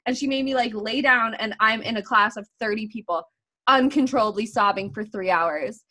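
A young woman hosting a podcast, telling stories in a casual, animated way, laughing often and swearing freely. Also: on the high side, normal speed. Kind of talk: casual chat.

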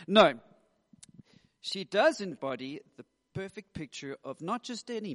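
A man in his thirties, a pastor preaching in a lively, joking, chatty way in a church. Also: a little high, measured pace, pauses often. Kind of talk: sermon. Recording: echoey hall.

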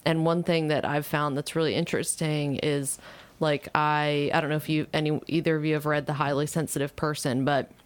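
A woman's voice: deep voice, little pitch movement, a little fast, clear, resonant tone, no echo. A woman co-hosting a podcast, easygoing and thoughtful in casual chat. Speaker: podcast co-host.

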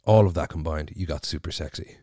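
Irish lad ranting to camera, lots of swearing, low voice, dry sound. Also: male voice, brisk, mellow, no room sound. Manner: sweary, sarcastic, rambling. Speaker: vlogger. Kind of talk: casual ranting monologue.

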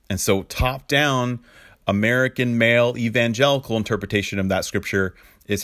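A man's voice: mid-range voice, normal speed, a bit bright, dry recording, studio quality. A man preaching in a conversational way, with casual fillers and chuckling asides. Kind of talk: conversational sermon teaching.

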